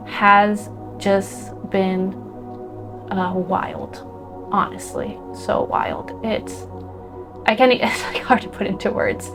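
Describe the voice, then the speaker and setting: A woman's voice: medium pitch, fairly even intonation, very slow, music in the background. A woman spiritual teacher, emotional and close to tears, talking earnestly about faith and trust with many fillers and restarts. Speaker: spiritual teacher and energy healer. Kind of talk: heartfelt spiritual talk to camera.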